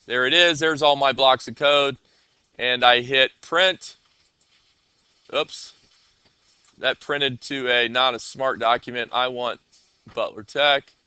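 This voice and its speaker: A man with a very bright, clear voice teaches a coding class in a casual way. He keeps checking that the students are with him. The sound is dry and close. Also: mid-range voice, steady tone, slow, pauses often, no echo.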